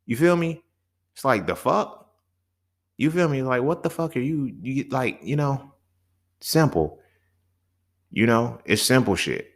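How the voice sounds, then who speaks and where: A man in his thirties hosts a solo podcast, speaking in a mid-range, animated voice that runs a little slow with long pauses. His casual monologue is loose, slangy, and profane, and he acts out back-and-forth dialogue.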